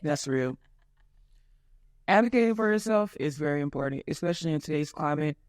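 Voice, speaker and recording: A woman hosting a podcast, chatting in a relaxed, slangy way. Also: deep voice, a little fast, clear, resonant tone, dry recording, studio quality. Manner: relaxed and slangy, with lots of agreeing "yeah"s. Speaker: podcast host. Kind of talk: casual podcast chat.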